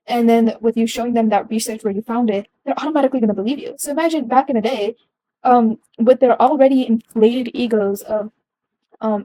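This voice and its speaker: A woman's voice: fairly high pitch, quick pace, warm tone, dry recording, low-quality recording. A young adult woman giving a casual explanatory talk, earnest, with frequent ums and restarts.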